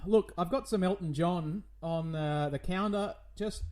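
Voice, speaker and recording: A man's voice: sits high, a little slow, darkish tone. A man hosting a comedic radio show in a frantic, theatrical, indignant way. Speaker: radio host.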